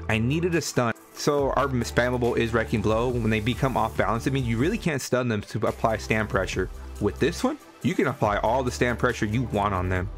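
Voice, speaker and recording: Chatty guy walking through a game build, excited, chuckles a lot, medium pitch, faint music behind. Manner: enthusiastic, chatty, chuckling often. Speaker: gaming content creator. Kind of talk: casual game build guide voice-over.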